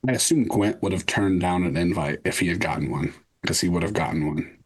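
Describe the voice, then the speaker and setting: Husky-voiced, deep male player. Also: fairly quick. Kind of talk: playing a knight in a tabletop game.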